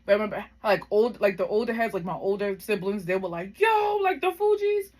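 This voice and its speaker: A woman in her thirties shares a personal story to camera. Her pitch sits mid-range, and she talks in a loose, heartfelt way. She drifts between thoughts with plenty of "like" and "um". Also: fairly even intonation, fast, a little mellow. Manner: heartfelt, reflective, rambling with many fillers. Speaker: vlogger.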